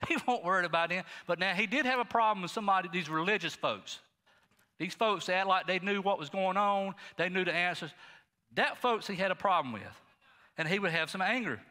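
A middle-aged male pastor preaching a sermon in a folksy, animated way, talking straight to the congregation. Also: sits high, in a large hall. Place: church sanctuary.

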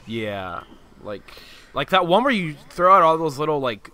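Man, excitable gamer co-host; very animated pitch, bright tone, swears freely. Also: moderate pace. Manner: excitable, swears a lot, laughs loudly. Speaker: podcast co-host playing an online game. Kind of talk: casual gaming chat.

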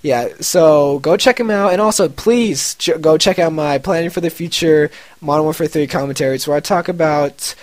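A young man giving a relaxed, chatty outro to his gaming video, with easy fillers. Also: fairly high pitch, moderate pace, hardly any pauses, no room sound. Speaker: gaming channel host. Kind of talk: casual video outro commentary.

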